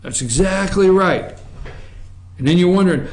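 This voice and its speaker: A man holds forth on the news as a talk show host, rambling and sarcastic, tossing asides to his crew. His voice sits high and swings up and down with lively energy. The sound carries a noticeable echo off the office walls. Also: moderate pace. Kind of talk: opinionated news commentary. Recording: echoey room.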